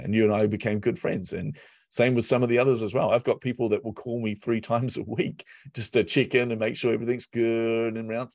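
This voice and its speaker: A man who coaches business and marketing, chatting as a podcast guest from his office, telling animated stories and laughing often. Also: on the low side, gravelly, dry recording. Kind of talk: casual podcast conversation.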